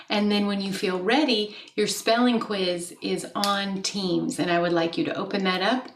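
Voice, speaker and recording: A woman's voice: medium pitch, slight background noise. A woman teaching a second grade class in a recorded video lesson, explaining step by step and often checking in with "okay?". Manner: friendly teacherly, asks questions and checks with "okay?". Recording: echoey room, mic at a distance.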